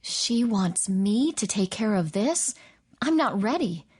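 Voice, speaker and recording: A woman's voice: medium pitch, sing-song, takes it slowly, darkish tone, breathy edge, heavily acted. A woman reading the part of a young, nervous woman helping in an emergency surgery, her voice lifted above her narration. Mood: anxious. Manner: anxious, urgent.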